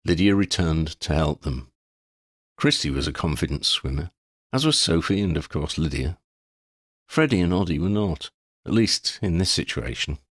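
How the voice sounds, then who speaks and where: A man's voice: sits low, normal speed, slightly rough, no echo, clean studio sound. A man reading a fantasy story aloud, narrating expressively. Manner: expressive reading, voices each character. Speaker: audiobook reader.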